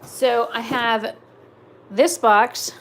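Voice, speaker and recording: A woman's voice: a little high, steady tone, drawn-out words, fairly bright tone. A young woman chatting casually during a live stream from her kitchen, rambling and going off on tangents. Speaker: vlogger. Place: home kitchen. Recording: home recording with clear background noise.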